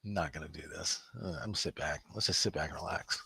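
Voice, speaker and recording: A man's voice: extremely low pitch, fast, creaky, bright, forceful tone, breathy edge, dry recording. A man hosting a live trading room, talking emphatically to his viewers, scolding them and laughing often.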